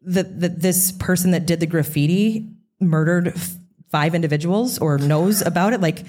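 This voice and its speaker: A woman's voice: lowish voice, moderate pace, darkish tone. A woman co-hosting a true crime podcast, talking casually with rambling restarts and sarcastic asides. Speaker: podcast co-host.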